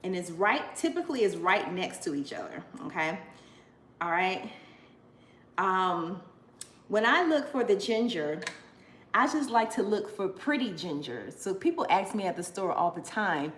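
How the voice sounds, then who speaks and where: A woman's voice: on the low side, big pitch swings, unhurried, slight background noise. A woman in her forties talking casually to camera, effusive and chatty, often exclaiming with emotion. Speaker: vlogger. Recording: echoey room with faint ambience.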